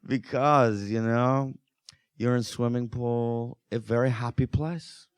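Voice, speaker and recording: A man putting on an eccentric middle-aged male filmmaker who speaks soft, halting broken English. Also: medium pitch, fairly even intonation, voice pushed up, close to an everyday voice. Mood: matter-of-fact.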